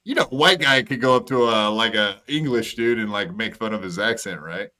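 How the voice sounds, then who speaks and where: Brief: podcast co-host, man, bright tense tone, rambling jokey delivery. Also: on the low side, brisk. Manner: loose, joking, rambling with restarts. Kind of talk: casual banter.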